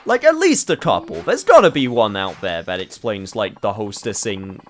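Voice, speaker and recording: A man's voice: on the low side, big pitch swings, moderate pace, soft background music. Rambling, self-mocking young gamer guy. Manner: rambling and self-deprecating, laughs at himself. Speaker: game streamer. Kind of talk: let's play commentary.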